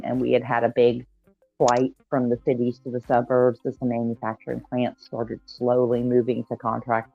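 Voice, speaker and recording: Measured man on a dull line. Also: mid-range voice, gravelly, no room sound. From Georgia, US. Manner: measured, explaining step by step. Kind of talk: explanatory casual talk.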